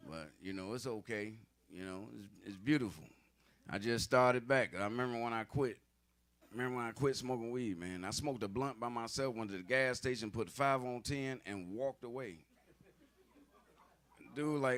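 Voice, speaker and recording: A man doing a profane, conversational stand-up comedy set on a club stage, slipping into gruff voices for arguing old men. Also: medium pitch, normal speed, fairly bright tone. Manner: profane, loose, conversational delivery with asides to the audience.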